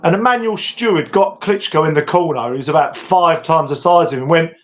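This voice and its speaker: A British man co-hosting a casual chat, talking in an animated way with many restarts. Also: on the high side, a little fast. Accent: British English. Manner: animated, acts out quotes with lots of restarts. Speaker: podcast co-host. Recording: dull lo-fi audio.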